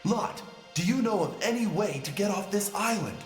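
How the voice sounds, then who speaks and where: An earnest, bewildered detective hero. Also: male voice, sits high, animated, normal speed. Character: confused male detective hero, earnest adult. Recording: roomy game cutscene audio with music.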